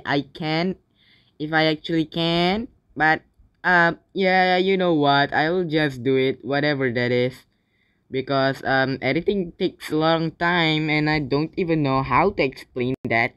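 A man giving live gaming commentary in non-native English, bursting into yells and swearing between calmer remarks. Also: fairly high pitch, smooth, no echo, studio quality. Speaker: gaming channel host.

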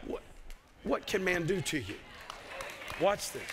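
A man's voice: high voice, sing-song, measured pace, in a large hall, crowd noise, background noise. A man preaching a sermon as pastor, emphatic and repeating key phrases. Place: church sanctuary.

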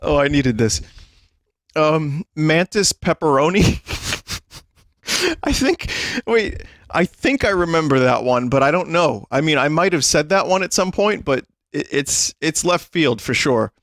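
A man's voice: fairly high pitch, normal speed, a bit bright, dry recording, clean studio sound. A man hosting a livestream, chatting casually to his viewers and laughing often as he reads a list aloud. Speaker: livestream host. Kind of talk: casual stream chat.

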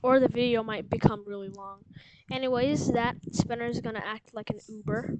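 A woman's voice: on the high side, fairly even intonation, fairly quick, dull audio. A woman hosting a casual gameplay walkthrough, rambling and unsure of herself, with lots of fillers. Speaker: game guide host. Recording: loud background noise with clicks.

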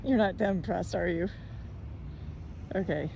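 A woman's voice: fairly low pitch, unhurried, vocal fry, darkish tone, muffled recording, a little hiss or hum. A woman vlogging outdoors in a park, chatting to her pet cockatoo in cooing, sing-song baby talk, recorded on a handheld phone. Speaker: vlogger and bird owner. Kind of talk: casual chat to her pet.

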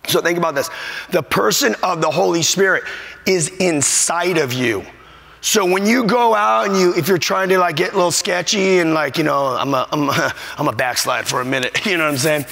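A man's voice: a little high, normal speed, creaky, bright, forceful tone. A man preaching a sermon as a pastor, emphatic and repetitive, at times choked up with emotion. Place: church sanctuary. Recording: long hall reverb.

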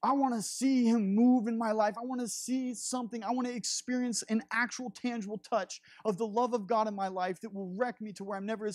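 A man's voice: very high voice, darkish tone, no echo, clean studio sound. A man in his thirties preaching a sermon, impassioned and confessional, with laughing asides. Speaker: pastor.

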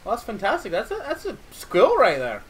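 A woman playing a multiplayer game in a put-on British accent, narrating her own moves and breaking into panicked shouts. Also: fairly high pitch, huge pitch swings, a little fast, slight background noise. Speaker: gamer.

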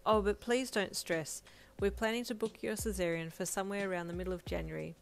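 A woman's voice: mid-range voice, fairly even intonation, brisk, gravelly, close to an everyday voice. A woman reading the lines of a blunt, matter-of-fact male doctor in a fan-fiction audio story. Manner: blunt, clinical.

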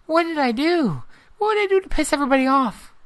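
A woman playing a video game and commenting as she goes, with constant swearing and loud, frustrated outbursts at the game. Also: sits high, very animated, fast. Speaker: let's play gamer. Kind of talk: live gameplay commentary.

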